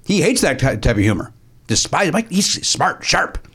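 A man's voice: a little high, normal speed, slightly rough. A middle-aged man hosting a game show, bantering casually and telling self-deprecating stories. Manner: jokey, self-deprecating, animated storytelling.

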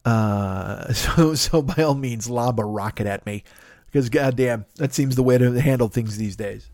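Man, podcast host, mid-pitched voice, rambling comic monologue, profane, self-mocking, dry close sound. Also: a little slow, a little mellow, no echo.

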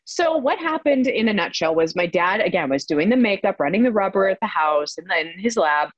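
A woman telling stories as an interview guest, animated and laughing often, with many fillers. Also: mid-range voice, brisk, no echo, dull audio. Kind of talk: casual storytelling interview.

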